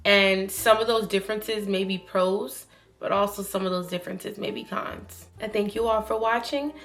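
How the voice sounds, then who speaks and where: A woman giving casual, opinionated commentary to her viewers, animated and emphatic. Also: medium pitch, normal speed. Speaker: YouTube commentator.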